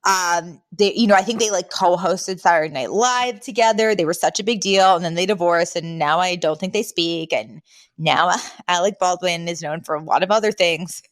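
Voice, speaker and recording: A woman co-hosting a podcast, casually retelling scenes and jumping into higher voices for the quotes. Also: normal speed, no echo. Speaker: podcast co-host. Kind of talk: casual recap chat.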